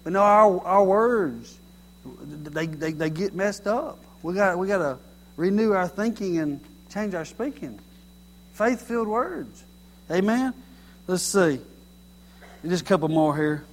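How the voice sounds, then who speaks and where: A middle-aged man preaching a sermon in a folksy, animated way, mocking common everyday sayings. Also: high-pitched, measured pace, a little hiss or hum.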